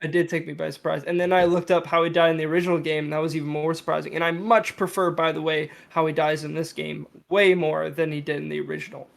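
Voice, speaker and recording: Gravelly man co-hosting a podcast. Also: a little high, flat delivery, quick pace, few pauses. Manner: rambling, many fillers and restarts. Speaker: video game podcast co-host. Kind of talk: casual review discussion.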